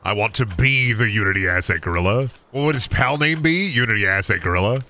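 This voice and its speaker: A man streaming a game, chatting casually in an animated, joking, crude way. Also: on the low side, fairly quick, a little hiss or hum. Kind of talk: casual gaming stream chat.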